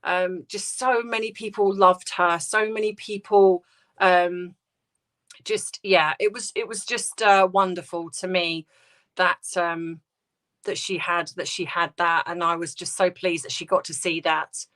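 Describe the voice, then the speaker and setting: A British woman hosting a casual livestream, talking softly and hesitantly with many ums and restarts as she answers viewer comments. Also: on the low side, steady tone, measured pace. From United Kingdom. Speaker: livestream host.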